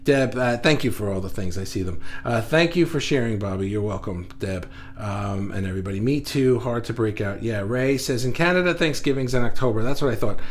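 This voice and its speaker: A man hosting a casual live stream, reading viewer comments aloud and thinking out loud with many restarts, recorded indoors under studio lights. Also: mid-range voice, fairly quick, hardly any pauses, a little hiss or hum. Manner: rambling, self-correcting, reflective. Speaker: livestream host. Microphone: facing camera, reading viewer comments.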